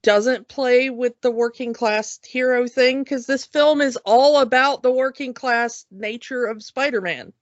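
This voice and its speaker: A woman's voice: on the high side, a little slow, hardly any pauses, no echo, highs cut off. A woman co-hosting a podcast, chatty and giggly as she tells stories about films. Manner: giggly, chatty anecdote-telling. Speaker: podcast co-host. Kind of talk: casual podcast storytelling.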